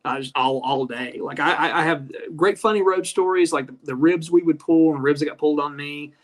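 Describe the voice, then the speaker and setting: Rich: A man who used to wrestle tells rambling, profane stories at a rapid clip. His voice sits slightly high for a man. He speaks as a guest in a relaxed chat. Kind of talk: casual chat.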